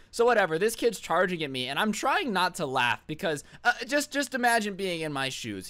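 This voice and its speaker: A man's voice: a little high, a bit bright. A man telling a funny personal story to his vlog audience, sarcastic and mocking, rambling from one joke to the next. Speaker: storytime vlogger. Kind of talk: comedic storytime monologue.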